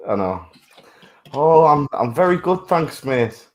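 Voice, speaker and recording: A man's voice: on the high side, very animated, slow pace. A man co-hosting a casual podcast, laid-back and playful, swearing now and then. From north of England. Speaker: podcast co-host. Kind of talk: casual banter.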